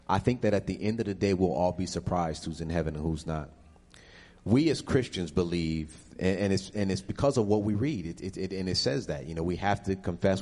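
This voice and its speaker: A man giving an emotional, animated personal testimony and answering questions as a guest in a church. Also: deep voice, in a large hall.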